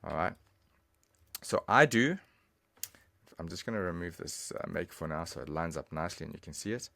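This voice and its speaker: A man's voice: low voice, expressive, moderate pace, gravelly, a bit bright, no room sound. A man giving a casual, chatty online language lesson, talking straight to the viewer. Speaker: language teacher.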